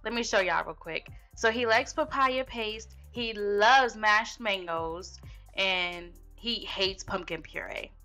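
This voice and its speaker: A woman's voice: medium pitch, slow, sharp tone, faint music behind. A young woman giving casual, chatty gameplay commentary, talking straight to her viewers with lots of slang. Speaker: gaming video host.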